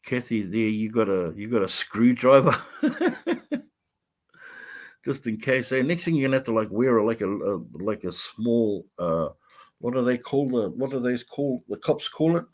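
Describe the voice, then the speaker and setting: A chatty man hosts a livestream, reading viewer comments aloud and answering them. He rambles loosely with lots of fillers and breaks into laughter often. His voice sits at a middle pitch. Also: a little mellow. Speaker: vlogger host.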